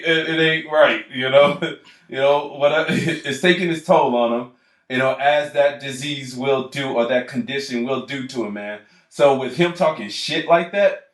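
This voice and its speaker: A man on a casual podcast, telling stories in a rambling, profane way and laughing often. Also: fairly high pitch. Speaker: podcast co-host. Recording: echoey room.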